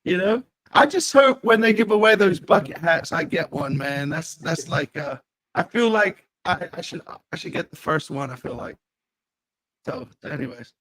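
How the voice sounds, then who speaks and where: A relaxed man chats easily on a live fan stream. His voice sits a little high for a man, and he drops "man" into nearly every line. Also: moderate pace. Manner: laid-back, easygoing, says man a lot. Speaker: co-host. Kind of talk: casual chat.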